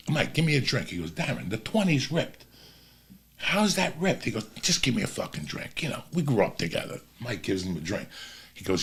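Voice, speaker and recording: A middle-aged man with a gravelly, raspy voice, hosting a podcast and telling profane street stories in a casual chat. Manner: profane, drops low and quiet when storytelling. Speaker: podcast host.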